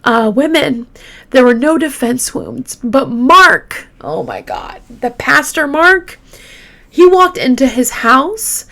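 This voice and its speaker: A woman hosting a true crime show, retelling a case casually with halting fillers and restarts, openly shaken by the grim details. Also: high-pitched, big pitch swings, vocal fry, pushed and bright. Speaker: true crime podcast host.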